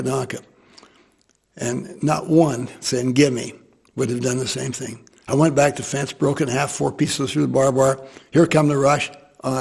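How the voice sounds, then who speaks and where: An older American man telling a war memory to an interviewer, lively and acting out the people he quotes. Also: mid-range voice, vocal fry, husky. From United States. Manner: animated storyteller who voices quoted people. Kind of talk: storytelling.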